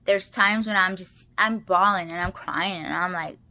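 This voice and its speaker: A woman's voice: fairly low pitch, normal speed, pushed and bright. A married woman talking to camera in a rambling, confessional monologue, full of restarts and filler words and often close to tears. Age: adult, married. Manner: rambling, restarts, many "like"s, tearful laughs. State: emotional, near tears. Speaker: personal vlogger.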